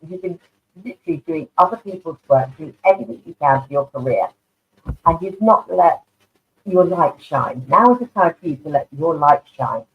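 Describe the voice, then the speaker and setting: A woman giving live online tarot card readings, affectionate and chatty, calling people darling. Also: low-pitched. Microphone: online video stream. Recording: tinny phone-like online audio.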